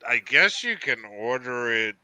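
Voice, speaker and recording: A man's voice: medium pitch, sing-song, measured pace, bright, forceful tone. A man from Cape Cod with a Massachusetts accent, rambling and swearing in a casual chat as host, with lots of fillers. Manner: rambling, profane, many fillers.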